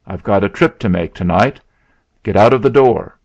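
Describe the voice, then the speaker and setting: A man voicing a rough, cornered hill man who is angry and loud, in a story reading. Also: lowish voice, normal speed, dry recording. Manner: loud and hot-tempered. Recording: dull lo-fi sound.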